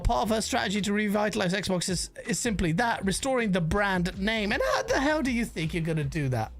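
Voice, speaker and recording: A woman giving casual, rambling livestream commentary on gaming news, swearing freely and reacting to chat messages. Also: mid-range voice.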